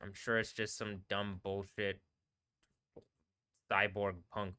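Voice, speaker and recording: A man streaming live, rambling casually in a halting way and trailing off mid-word. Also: on the low side, little pitch movement, pushed and bright, clear, resonant tone. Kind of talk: casual rambling livestream talk.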